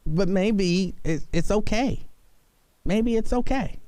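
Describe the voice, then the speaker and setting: A man hosting a radio talk show, bantering and arguing in a mock-serious, animated way. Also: sits high, takes it slowly, smooth, no echo.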